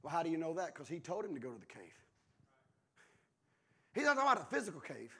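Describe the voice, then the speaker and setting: Gravelly pastor, high voice. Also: male voice, wildly swooping pitch, fast. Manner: swings between shouted preaching and hushed near-whispers. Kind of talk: sermon.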